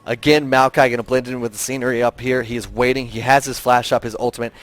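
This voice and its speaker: A tired man giving play-by-play esports commentary, getting excitable and high in big plays. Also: fast talker.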